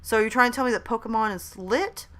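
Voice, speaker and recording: A bright-voiced woman in her thirties talks into a desk mic at her laptop during a home live stream. She is hyper and chatty, greeting viewers and reading their messages aloud. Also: a little high, fast talker. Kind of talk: casual live stream chat. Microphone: desk microphone at a laptop.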